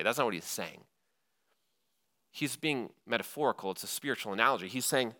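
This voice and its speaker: A man's voice: mid-range voice, fairly quick, long pauses. A man, a pastor, preaching a sermon, telling the story with energy and acting out the quoted lines. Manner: animated storytelling, acts out quoted lines with laughs.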